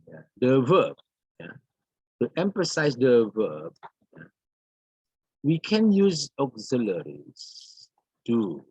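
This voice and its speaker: Man, teaching grammar, unhurried delivery, husky voice, dull lo-fi sound. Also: on the low side, darkish tone, dry recording. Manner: slow, repeats words and examples, many fillers. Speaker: English teacher. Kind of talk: recorded grammar lesson.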